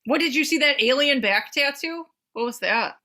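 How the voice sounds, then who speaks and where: A woman co-hosting a casual podcast, spinning an animated story full of swearing. Her voice is bright and forward, and she slips into the voices of the people she quotes. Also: sits high, normal speed. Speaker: podcast co-host.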